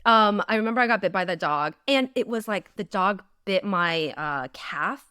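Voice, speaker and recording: A woman in her thirties co-hosts a casual podcast, her voice swinging widely between low murmurs and excited peaks. She tells stories with expressive energy. The recording is close and dry. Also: moderate pace, smooth, no room sound. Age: 30s. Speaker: podcast co-host. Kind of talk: casual chat.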